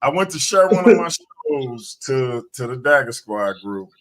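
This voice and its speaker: A man's voice: mid-range voice, very animated, measured pace, a loud crowd. A man hosting a livestream, chatting casually and animatedly, teasing his guest and repeating words. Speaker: livestream show host. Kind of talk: casual chat.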